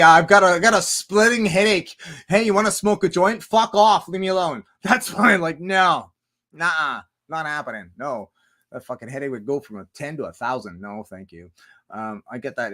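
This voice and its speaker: A man's voice: medium pitch, pushed and bright. A man chatting casually on a livestream, rambling with many restarts, swearing heavily and laughing often. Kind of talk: casual rambling stream chat.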